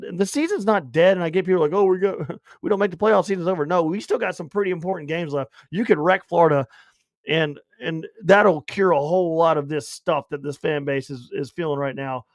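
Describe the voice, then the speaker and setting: A man co-hosting a sports podcast in casual chat, rambling and animated with loud bursts. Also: fairly high pitch, a little fast, no room sound, studio quality. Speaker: podcast co-host.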